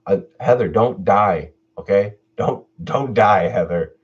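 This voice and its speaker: A man with a lowish voice chats at an unhurried pace, swinging his pitch freely as he laughs his way through requests. He talks to his viewers in a relaxed, casual manner. The sound is dull and lo-fi, from a home mic. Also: breathy edge. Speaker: YouTube horror story narrator. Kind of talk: casual Q&A chat.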